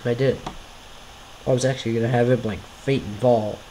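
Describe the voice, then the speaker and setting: A man's voice: mid-range voice, fairly even intonation, fairly quick, mellow, a little hiss or hum, poor audio. A man giving casual, rambling commentary over his own homemade video series, often apologetic and self-deprecating.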